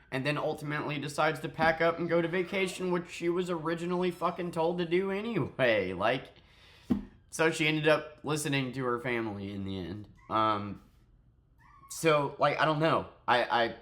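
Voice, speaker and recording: A man's voice: mid-range voice, a bit bright. A tired man who just woke up, giving a rambling, profane spoken review of a TV show and often restarting his sentences.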